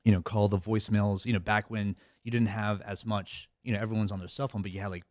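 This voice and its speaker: With a lowish voice that barely moves in pitch, a middle-aged cybersecurity company head talks quickly as a podcast guest. He rambles casually, full of fillers and restarts, in a studio-quality recording with no echo.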